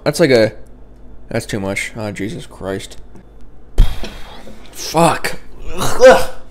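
A young man talks straight into his camera from his bedroom, wandering from one thought to the next. His delivery is deadpan and sarcastic, with steady profanity. His voice sits at an ordinary middle pitch. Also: a little hiss or hum. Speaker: vlogger. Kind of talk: casual vlog chat. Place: home bedroom.

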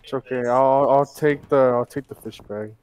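A man's voice: medium pitch, fairly even intonation, moderate pace, darkish tone, clear, resonant tone, rough recording. A man trading crude jokes with friends over voice chat while gaming, yelping and groaning at the action. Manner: joking, yelping and groaning in play. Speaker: gamer in a voice chat.

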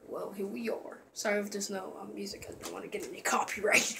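A man casually commentating a let's-play video, rambling and excitable, often trailing off into mumbled asides. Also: high voice, quick pace, gravelly, background noise. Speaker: gameplay commentator.

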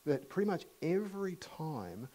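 An Australian man preaching a sermon as a visiting preacher, talking conversationally and asking the congregation questions, swinging from loud emphasis to hushed near-whispers. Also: on the high side, big pitch swings, moderate pace, low-quality recording.

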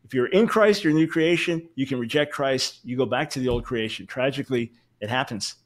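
A man's voice: medium pitch, fairly quick. A man in a theological debate, arguing firmly and emphatically while citing scholars. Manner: firm, emphatic, cites sources.

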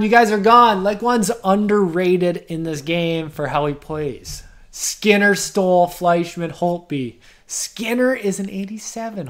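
A man giving casual gameplay commentary, excitable, swearing and exclaiming, chatting to the players on screen. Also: high-pitched. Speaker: gaming video host.

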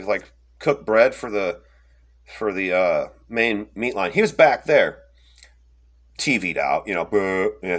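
A young man telling a personal story in a rambling, animated way, with lots of fillers and restarts, and acting out the quotes. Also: medium pitch. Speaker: storyteller recounting an encounter. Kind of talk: casual first-person storytelling.

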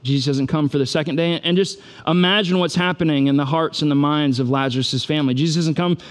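A man's voice: on the high side, steady tone, fast talker. A man preaching a sermon as a pastor, retelling the story in a casual, joking way and building to urgent, repeated appeals.

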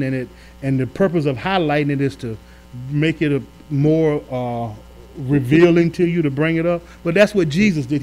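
Pastor type, man, slightly high voice, conversational preacher with big swells, live church stream with mains hum. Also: a little mellow, rough recording. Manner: preaching with swells and asides, colloquial. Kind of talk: sermon. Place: church during a live-streamed Bible study.

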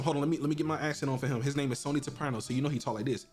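A man giving casual, excitable commentary while playing a video game, joking, laughing and swearing often. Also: mid-range voice, very fast, faint music behind. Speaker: gaming streamer.

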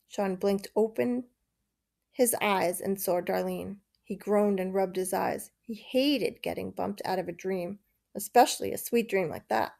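A woman reading a children's novel aloud, steady and measured. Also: medium pitch, gravelly. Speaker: narrator. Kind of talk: storybook reading.

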